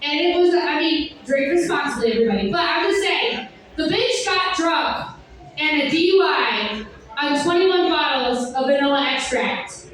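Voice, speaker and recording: Young woman doing standup, super high voice, sardonic rambly bits, caught from far off in a big echoey club. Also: expressive, normal speed, a bit bright. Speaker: stand-up comedian. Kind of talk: stand-up comedy set. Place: comedy club stage.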